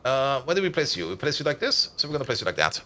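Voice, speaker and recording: A man's voice: mid-range voice, very animated, very fast, pushed and bright, slight background noise. A man giving casual, rambling commentary as he streams a building game, thinking aloud and chatting with viewers, full of "like" and "uh". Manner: thinks aloud while building, answers chat.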